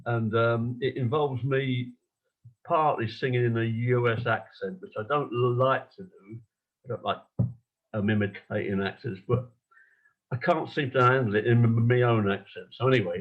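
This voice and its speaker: A man's voice: medium pitch, steady tone, moderate pace, dull audio. A man casually introducing his song at a folk club, hesitant and self-deprecating, with fillers and restarts.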